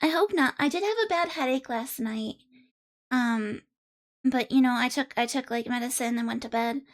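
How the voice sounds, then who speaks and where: A woman's voice: a little high, moderate pace. A woman streamer chatting casually and bubbly with her viewers, a bit congested. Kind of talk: casual live-stream chat.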